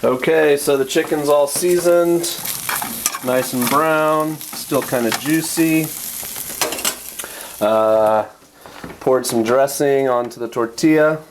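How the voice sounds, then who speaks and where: A man's voice: mid-range voice, slow, pauses often, a little hiss or hum. A man casually explaining each step as he cooks dinner in a small apartment kitchen for a vlog. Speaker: vlogger.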